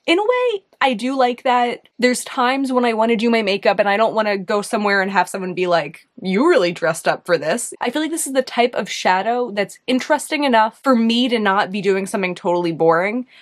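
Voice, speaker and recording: A woman's voice: a little high, animated, brisk, hardly any pauses. A young woman with a New York accent chatting casually as she reviews makeup, thinking aloud, hesitant and full of "like"s. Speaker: beauty video host.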